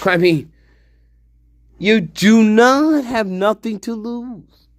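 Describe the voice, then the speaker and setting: A man's voice: sits high, very slow, dry recording. A man hosting a casual true-crime commentary, rambling and swearing with sudden outbursts. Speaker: host of a true-crime discussion channel.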